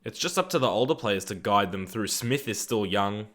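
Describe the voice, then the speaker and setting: Young Aussie male streamer, slightly low voice, relaxed rambling chat with viewers, casual swearing. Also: moderate pace. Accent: Australian. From Australia. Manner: reads viewer chat aloud and answers it. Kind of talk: live gaming stream chat.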